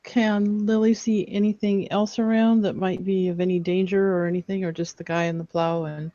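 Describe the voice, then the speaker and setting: A woman's voice: mid-range voice, little pitch movement, moderate pace, warm tone, dry recording. Woman player in dull, dry audio. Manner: playful, describes her character's actions. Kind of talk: tabletop game play, casual.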